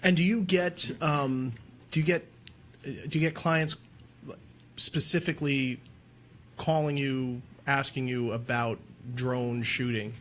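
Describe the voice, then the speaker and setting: A man hosting a casual interview and asking questions with halting restarts. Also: medium pitch, steady tone, a bit bright, a little hiss or hum. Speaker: podcast host.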